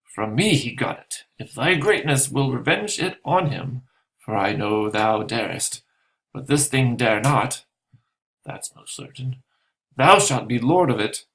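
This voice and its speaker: A man's voice: medium pitch, fairly bright tone, low-quality recording. A man reading the lines of Caliban, a resentful, servile island monster, in a pleading tone.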